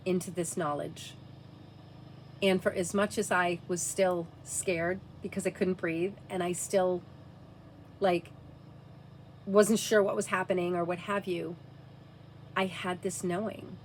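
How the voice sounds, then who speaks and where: Woman, lower voice, personal storytelling vlog, halting, hushed at times, filler-heavy. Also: slight background noise. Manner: halting, drops to a hushed near-whisper at times; earnest, frequent "like" fillers. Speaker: mother telling a personal story.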